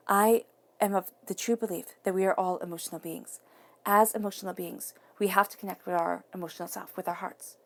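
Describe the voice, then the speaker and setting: Gravelly-voiced woman giving a tarot reading. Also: medium pitch. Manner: earnest, encouraging, repeats phrases for emphasis. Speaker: tarot reader.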